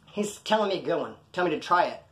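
A man from California rattles through his jail stories at a quick clip, his voice sitting a little high. He rambles and swears freely, and he acts out the other people in each story. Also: lively intonation, fairly bright tone. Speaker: storyteller recounting jail time. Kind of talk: casual storytelling.

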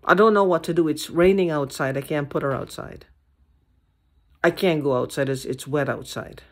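A woman with a slightly low voice talks straight to her camera, agitated and frustrated. She stumbles, restarts and repeats herself, swearing now and then, while a cat meows somewhere in the background. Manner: halting restarts and repeated phrases. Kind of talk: casual vlog monologue.

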